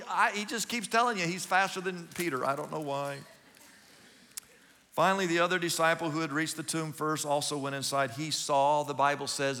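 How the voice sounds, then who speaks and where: High bright guy preaching, dramatic ups and downs, long echo in a big hall. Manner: dramatic, swings between loud emphasis and quiet asides. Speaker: pastor. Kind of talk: sermon.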